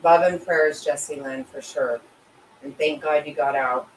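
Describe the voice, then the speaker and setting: A woman's voice: sits low, steady tone, unhurried, echoey room. A middle-aged woman hosting a casual livestream and reading viewers' comments, emotional and sympathetic, rambling with restarts. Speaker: livestream host reading chat. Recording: voice a bit distant from mic with faint ambient noise.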